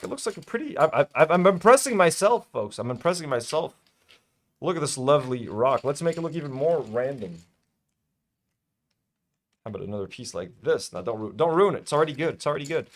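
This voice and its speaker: A young man hosting a casual hobby vlog, chatty and self-delighted, full of fillers. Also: a little high. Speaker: toy-building channel host.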